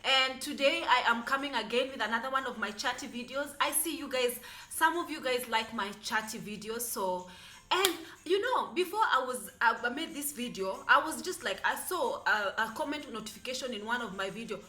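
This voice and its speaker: A woman's voice: fairly high pitch, moderate pace. Sassy chatty woman vlogging in an echoey room. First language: not English. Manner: sassy, animated, many fillers. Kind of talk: casual chatty vlog. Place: apartment in the United Arab Emirates. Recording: echoey room, faint music.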